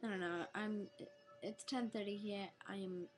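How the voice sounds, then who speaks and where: A woman's voice: medium pitch, steady tone, normal speed, soft background music, rough recording. A woman, tired and rambling, chatting casually before reading a book aloud. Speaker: reader.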